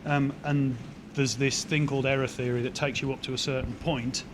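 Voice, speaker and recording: Male musician guest, dry wit, thoughtful restarts, handheld mic outdoors with clear traffic noise. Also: mid-range voice, flat delivery, normal speed. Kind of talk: casual interview chat. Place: outdoors in the cold. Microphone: handheld microphone.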